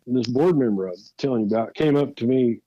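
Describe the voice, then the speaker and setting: A man's voice: mid-range voice, fast, warm tone, no room sound, lo-fi sound. A man telling folksy stories as a guest, easygoing and chuckling through his anecdotes. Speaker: guest, rifle builder. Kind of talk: anecdotal storytelling.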